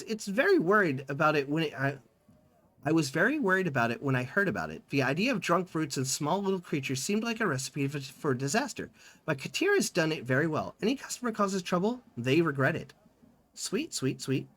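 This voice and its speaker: A man streaming a text game, reading its dialogue aloud and chatting about it. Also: sits high. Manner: lively, reads in-game dialogue with small voice changes.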